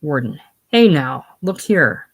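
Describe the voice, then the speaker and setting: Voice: mid-range voice, very animated, slow pace, heavily acted. A drunken, bossy prison warden, as a reader does him. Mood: gruff. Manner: gruff, then purring.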